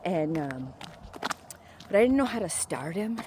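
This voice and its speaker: Low, slow-talking woman vlogging. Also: big pitch swings, background noise. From Maine. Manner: rambling, filler-heavy, sometimes hushed. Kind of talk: casual walking vlog. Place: outdoors on a small-town street.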